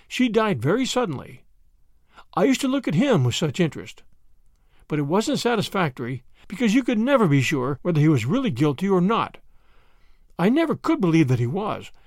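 A man's voice: high voice, no room sound, studio quality. A man voicing a fussy, easily flustered old grandmother in a read-aloud story. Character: fretful chatty old grandmother.

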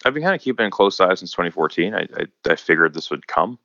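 A young American man in his twenties, answering interview questions in a halting way with fillers and repeats. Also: low voice, very animated, creaky, sharp tone, no room sound, dull audio. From United States. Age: 20s. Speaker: interviewee, volunteer fighter.

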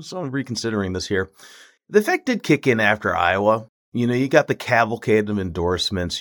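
A low-pitched man with a very animated, swooping delivery, talking as a guest reporter on a political podcast. He laughs easily and reasons out loud, revising his points as he goes. His talk stays casual and conversational. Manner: lively, laughs easily, thinks aloud.

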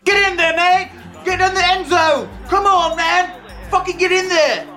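A man putting on a crude, brash Australian straight guy on a date, with a put-on Australian accent and a lowered voice. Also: measured pace, faint music behind. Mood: shouting. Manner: brash, swearing, shouting at the game.

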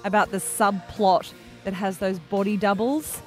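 A woman's voice: mid-range voice, fairly even intonation, unhurried, soft background music. A woman with an Australian accent co-hosting a breakfast radio show, matter-of-fact and teasing. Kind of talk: casual radio chat.

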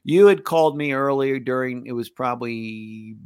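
A middle-aged man on a sports betting podcast, rambling and blunt and swearing freely. His voice sits at an ordinary pitch for a man. The sound is dry and close, with no room around it. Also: fairly even intonation, normal speed, few pauses, darkish tone, dry recording. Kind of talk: casual chat.

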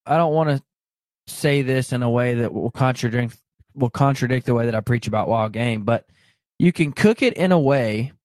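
A man's voice: medium pitch, darkish tone, dry recording. A man hosting a podcast in casual chat, making his points in an emphatic, preachy way. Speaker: podcast host.

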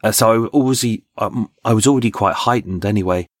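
A man, a podcast guest, telling lively stories in conversation with restarts and laughs. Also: fairly low pitch, brisk, no echo, clean studio sound. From England. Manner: animated anecdotes, frequent laughs and restarts. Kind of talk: storytelling in conversation.

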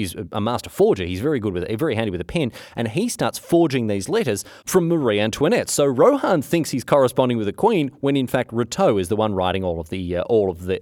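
A man's voice: mid-range voice, dry recording, clean studio sound. A man retelling history as a chatty, slangy story, full of asides and filler words. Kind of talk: casual storytelling.

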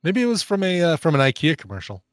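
A man's voice: a little high, wildly swooping pitch, fast. A man co-hosting a podcast, making wry jokes in casual chat. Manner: wry, joking. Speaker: podcast co-host.

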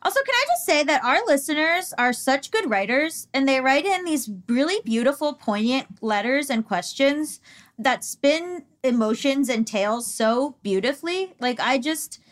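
A woman co-hosting a podcast in casual chat, relaxed and candid in her speech. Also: sits high, normal speed. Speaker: podcast co-host.

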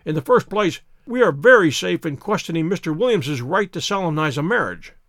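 A man voices a cold, masterful detective who gives clipped, authoritative orders. The voice sits fairly high for a man and is recorded dry and close. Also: lively intonation, fairly quick, fairly bright tone, dry recording. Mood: cool. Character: cold, commanding male detective. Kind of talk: audiobook character reading.

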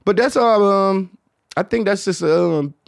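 A man with a Detroit accent hosting a casual podcast, talking in a low, mumbled, rambling way with lots of fillers and swearing. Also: unhurried, gravelly, dry recording, clean studio sound. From Detroit, United States. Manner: low-toned, mumbled, hard-to-follow delivery; loose, profane, rambling with many fillers. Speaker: podcast host. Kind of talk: casual chat.

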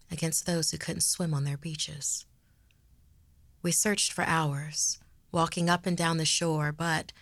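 A woman narrating a horror story in a hushed, half-whispered delivery as host. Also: sits low, vocal fry, dry recording. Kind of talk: scripted narration.

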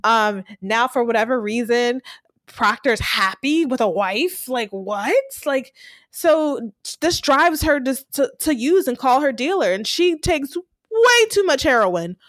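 A woman's voice: high voice, expressive, measured pace, fairly bright tone, no room sound. A woman co-hosting a podcast, casually recapping a TV episode and animatedly acting out the characters' lines. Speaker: podcast co-host.

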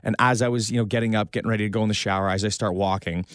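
A man's voice: fairly low pitch, fairly even intonation, very fast, smooth, no echo, studio quality. A young man co-hosting a radio show, rambling in an easygoing way and laughing often. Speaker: radio co-host. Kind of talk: casual radio chat. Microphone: studio microphone.

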